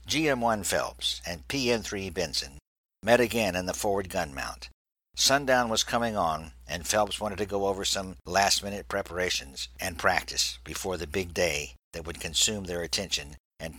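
A man reading a naval story aloud in a steady, measured way. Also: low-pitched, husky, dry recording, rough recording. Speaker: narrator.

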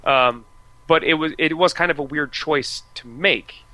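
Bright-voiced American man chatting about games. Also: a little high, measured pace, no room sound, poor audio. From United States. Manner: chatty, frequent restarts and fillers. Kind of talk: casual video game discussion.

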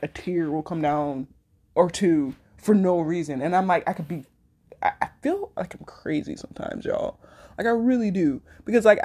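Low-voiced woman rambling candidly. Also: warm tone. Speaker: podcast host. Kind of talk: casual solo podcast monologue.

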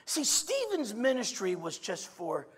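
A man preaching a sermon, swinging from quiet musing to loud shouts, with many stammered restarts and repeated "I mean". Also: sits high, wildly swooping pitch, unhurried, husky.

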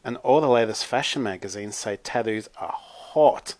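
A man's voice: on the low side, moderate pace, darkish tone, no echo, natural voice. A man voicing a ditzy, giggly teenage girl with a nasal voice in a storybook reading. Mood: phony.

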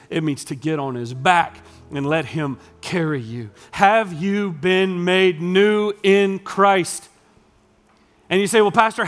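A man preaching a sermon as pastor, dropping to hushed lines and then building up loud as he tells a story. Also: fairly high pitch.

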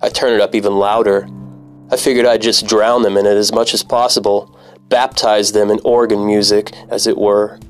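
Brief: low-pitched male storyteller, wry and profane, faint music underneath. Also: little pitch movement, normal speed. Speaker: former cab driver. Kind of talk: personal story narration.

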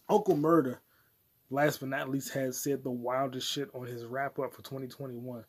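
A man's voice: mid-range voice, steady tone, moderate pace, husky. A man hosting a solo podcast, rambling crudely and profanely from topic to topic. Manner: crude, profane, jumps between topics, puts on mock voices. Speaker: podcast host.

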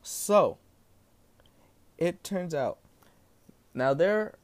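A man's voice: fairly high pitch, drawn-out words. A young man from New Jersey telling a story in a casual, profane rant that swings between outbursts and asides. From New Jersey, USA. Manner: profane, animated ranting.

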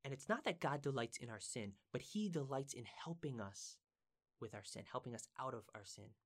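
A man's voice: mid-range voice, expressive, moderate pace. A man teaching from the Bible in a casual, conversational way. He is earnest and emphatic, repeats words for stress and asks his listeners questions.

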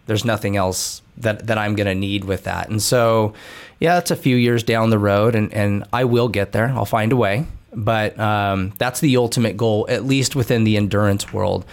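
A man's voice: on the low side, steady tone, normal speed. A man in his thirties, a coach talking as a guest in a podcast interview, earnest and reflective, often restarting his sentences.

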